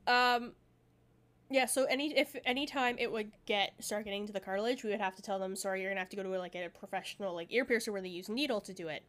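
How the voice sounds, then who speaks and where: A young woman rambles through a casual podcast chat, full of fillers and quick laughs. Her voice sits a little high. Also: fairly bright tone. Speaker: podcast co-host.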